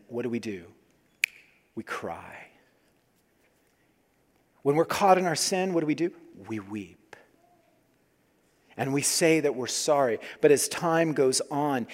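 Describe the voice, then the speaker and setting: Earnest pastor preaching in a reverberant hall. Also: male voice, fairly high pitch, lively intonation, moderate pace, few pauses. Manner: earnest, swings between loud emphasis and quiet hushed asides. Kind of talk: sermon. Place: church sanctuary.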